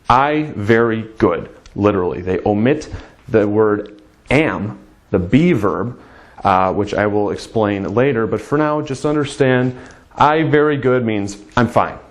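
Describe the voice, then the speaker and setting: A man teaching a casual spoken language lesson, patiently repeating phrases slowly for learners to copy. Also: medium pitch.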